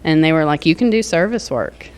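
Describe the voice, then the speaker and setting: A woman's voice: sits low, lively intonation, brisk, a little mellow, clean tone. Candid woman sharing her story. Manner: candid, rambling, frequent fillers and laughs. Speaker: recovery speaker. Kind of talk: personal testimony.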